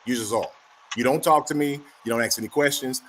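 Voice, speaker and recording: A man's voice: medium pitch, fast talker, noisy background. A man in casual chat, telling a story animatedly and acting out both sides of the dialogue.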